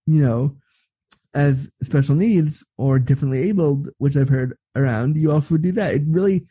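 A man talking as an interview guest, blunt and profane, telling stories in a candid, animated way. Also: a little high, normal speed, husky, dry recording. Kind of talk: candid conversational storytelling.

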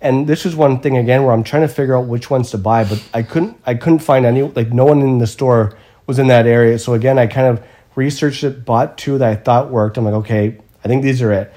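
A man chats through an everyday mishap in a relaxed, storytelling way. His voice is mellow and warm rather than bright. He pokes fun at himself and swears offhandedly. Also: mid-range voice, a little fast. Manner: animated, self-mocking, swears casually. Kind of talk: casual storytelling chat.

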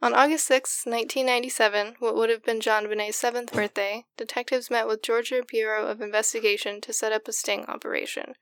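A woman's voice: on the high side, little pitch movement, brisk, few pauses, fairly bright tone, dry recording. Insistent woman narrating a crime case. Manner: insistent, argumentative, swears casually. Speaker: podcast co-host narrating the case. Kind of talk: casual true-crime podcast chat.

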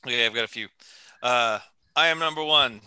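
A man's voice: medium pitch, a little fast, bright, forceful tone, clear, resonant tone, no room sound. A man co-hosting a casual movie chat, blunt and profane with a joking edge. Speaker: podcast co-host.

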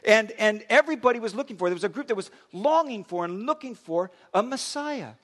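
A man preaching a sermon in a high, very lively voice that leaps up and down. He talks conversationally and often repeats himself mid-sentence. His words ring out with a long reverb, as in a large church hall. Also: brisk.

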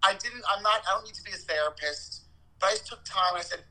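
A man's voice: sits high, quick pace, bright, forceful tone, rough recording. A man co-hosting a casual podcast chat, blunt, profane and theatrical, swinging between outrage and jokes. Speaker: podcast co-host.

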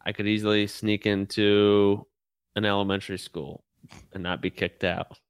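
A man's voice: on the low side, level tone, moderate pace, smooth, no echo. A man co-hosting a podcast, chatting casually and telling rambling stories with frequent laughs. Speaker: podcast co-host. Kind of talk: casual chat.

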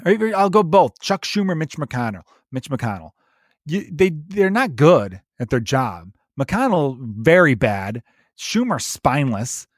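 A man's voice: on the high side, sing-song, measured pace, no echo, clean studio sound. A man, a comedian, giving a profane, ranty and digressive podcast monologue.

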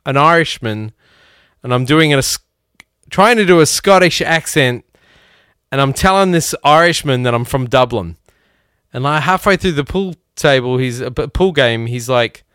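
A man's voice: mid-range voice, fairly bright tone, clean tone, no echo, clean studio sound. Rambling, profane podcast host man. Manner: rambling and profane, with self-mocking laughs. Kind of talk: casual chat.

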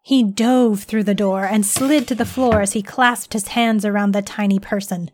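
A woman reading a scripted story aloud in an expressive, steady narration. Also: mid-range voice, normal speed.

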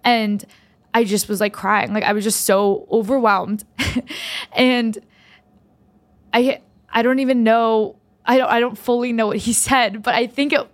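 A woman's voice: a little high, fairly even intonation, measured pace, pauses often. A young woman hosting a podcast, telling a personal story in a rambling, heartfelt way with many restarts. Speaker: podcast host.

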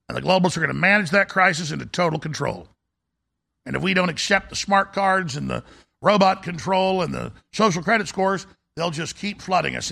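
A talk show host rants through a fiery political monologue. His raised, gravelly voice carries a bright, forceful edge.

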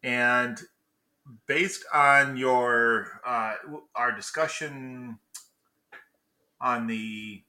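A man's voice: medium pitch, fairly even intonation, very slow, pauses often, sharp tone. A man co-hosting a podcast in casual chat, chatty, often stumbling and correcting himself. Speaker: podcast co-host.

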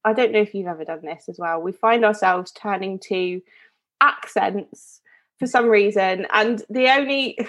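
Here a podcast co-host tells a story in casual, chatty talk, wandering off track, breaking into her own sentences, and laughing often. Her mid-range voice is fairly bright, and her pace is moderate.

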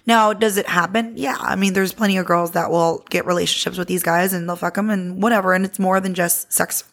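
A woman's voice: on the low side, steady tone, fairly quick, fairly bright tone. A woman in her thirties hosting a podcast, telling a story from her own life in a casual, candid way and swearing freely. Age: 30s. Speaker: podcast host.

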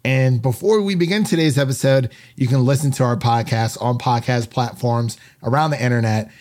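A man's voice: mid-range voice, moderate pace, darkish tone. Chatty male podcast host. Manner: upbeat, chatty with frequent fillers and restarts. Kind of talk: casual podcast chat.

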